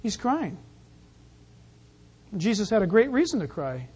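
Animated, jokey pastor preaching. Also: mid-range voice, a little slow, slightly rough. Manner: animated, jokey, acts out scenes. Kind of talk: sermon.

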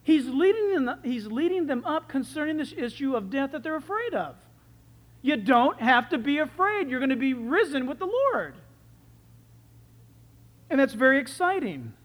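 A male preacher teaching from scripture with lively enthusiasm. He slows down to stress key phrases, then rushes ahead again, and his volume climbs and drops as he goes. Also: extremely high pitch, big-room sound. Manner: animated and enthusiastic, with big swings in loudness. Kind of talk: sermon.

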